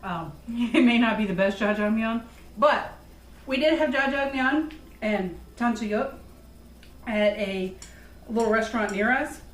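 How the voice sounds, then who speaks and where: A woman's voice: fairly high pitch, a little slow, long pauses. A woman vlogger chatting cheerfully and casually at home. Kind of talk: casual chat. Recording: roomy with faint noise.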